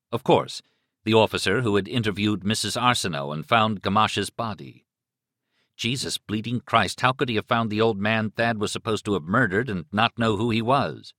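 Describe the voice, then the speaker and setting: An audiobook narrator with a low male voice gives an expressive, dramatic reading of scripted narration. The recording is dry, with clean studio sound.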